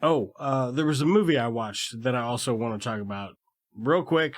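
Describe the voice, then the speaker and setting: A man co-hosts a podcast, chatting casually with a loose, profane sense of humor. His voice sits at an ordinary middle pitch. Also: normal speed. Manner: profane, joking banter. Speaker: podcast co-host. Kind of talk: casual chat.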